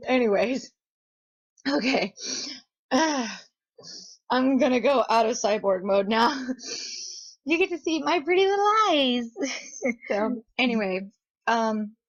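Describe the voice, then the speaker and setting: A young woman telling a story in a casual vlog, giggly and excitable, often breaking into laughter. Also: on the high side, muffled recording. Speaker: vlogger.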